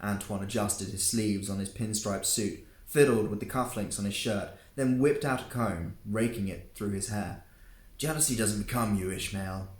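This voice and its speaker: A man reads his own novella aloud in an unpolished, casual way, stumbling now and then. His voice sits low, and the home recording has a roomy echo. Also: normal speed, few pauses. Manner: casual, with slips and restarts. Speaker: author reading his own book. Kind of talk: audiobook narration.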